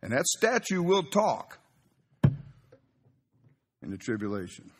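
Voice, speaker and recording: A man's voice: a little high, big pitch swings, takes it slowly, breathy edge. A male pastor, preaching a sermon in a folksy, conversational way.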